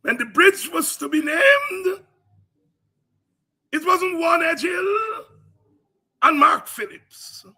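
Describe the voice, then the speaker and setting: A Guyanese man hosting a political commentary program, speaking in an impassioned, preaching cadence that rises to cries and shouts. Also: very high voice, very animated, takes it slowly, long pauses.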